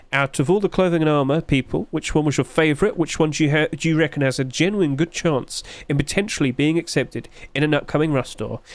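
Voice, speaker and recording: A man's voice: on the high side, dry recording. A man hosting a gaming video, talking casually and chattily, chuckling at himself as he rambles.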